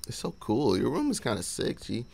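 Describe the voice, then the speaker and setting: A man's voice: medium pitch, huge pitch swings, brisk, gravelly, a little mellow. A young man hosting his gaming channel, giving loose, profane, joking commentary as he plays and breaking into bits of freestyle rap.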